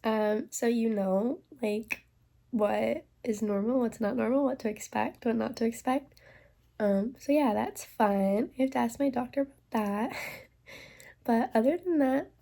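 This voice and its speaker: This pregnancy vlog comes from a young woman whose voice sits on the high side, gravelly and dark-toned, delivered at a measured pace. Feeling nauseous and congested, she speaks candidly and loosely into an arm's-length phone, leaning on "like" and "um."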